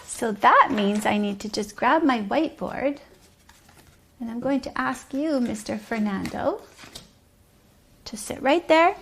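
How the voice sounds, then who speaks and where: A woman leading a preschool circle time outdoors, talking slowly and sing-song, sometimes dropping to a whisper for guessing games. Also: fairly high pitch, lively intonation, a bit bright, a little hiss or hum. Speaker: preschool teacher.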